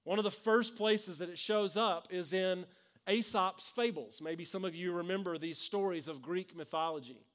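A man's voice: sits high, moderate pace, a bit bright. A man, preaching a sermon in an earnest, conversational way with frequent restarts. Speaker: pastor.

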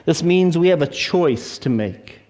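A man delivers a sermon with lively storytelling, slipping into acted voices for the people in the story. His voice sits a little high for a man. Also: measured pace. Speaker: pastor.

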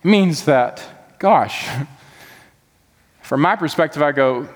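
A man's voice: medium pitch, measured pace, pauses often, big-room sound. A man preaching a sermon as pastor, earnest and building to impassioned emphasis.

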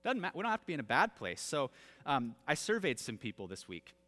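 A man in his thirties, a pastor telling humorous family stories in an animated, self-deprecating sermon, with long hall reverb. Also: mid-range voice, fairly quick. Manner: animated, self-deprecating, with laughs and acted-out quotes. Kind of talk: storytelling sermon.

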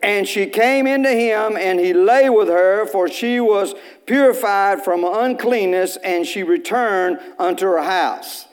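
High-voiced folksy preacher man. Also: a little slow, hardly any pauses. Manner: folksy storytelling, bursts of loud preaching. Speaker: pastor. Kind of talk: sermon. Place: church.

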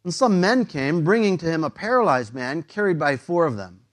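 A man's voice: fairly high pitch, lively intonation, moderate pace. A man preaching a sermon in a casual, conversational way, using slang and often repeating words.

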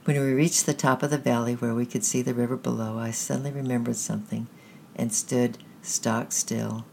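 Un narrador de cuentos infantiles con voz algo áspera y grave, que lee en voz alta con calma y un ritmo mesurado, como quien cuenta una historia antes de dormir. El tono se mantiene en un registro medio, con un leve ruido de fondo en la grabación. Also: medium pitch, gravelly, slight background noise. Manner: measured, gentle storytelling pace. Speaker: storyteller. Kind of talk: reading a children's story aloud.

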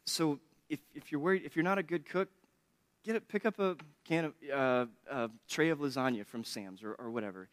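Guy pastor preaching casual and jokey, kinda high voice, laughs a lot. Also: fairly quick. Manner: joking, chatty, laughs often. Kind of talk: conversational sermon with humor.

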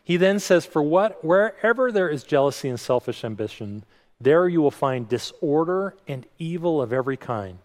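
A middle-aged man preaching a sermon in a relaxed, conversational way, self-deprecating and often restarting his phrases. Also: fairly high pitch, normal speed, long reverb tail. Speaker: pastor.

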